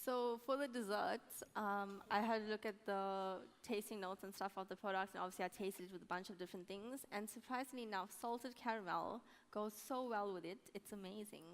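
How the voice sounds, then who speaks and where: A young woman chef talks about her cooking onstage, casual and a little self-conscious. Her voice sits at a middle pitch and carries a long reverb from a large expo hall. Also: fairly quick, hardly any pauses. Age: young adult. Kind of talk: onstage interview.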